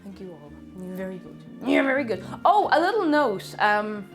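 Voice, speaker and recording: In her home kitchen, a woman cooks on a livestream, talking at a moderate pace in a mid-range voice over soft background music. She reads messages and greets people with excitement in a chatty way, now and then stepping away from the microphone.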